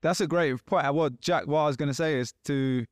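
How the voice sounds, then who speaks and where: A man's voice: a little high, a little fast, smooth, no room sound, clean studio sound. A man co-hosting a podcast in casual chat, talking animatedly and acting out quoted exchanges. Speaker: podcast co-host.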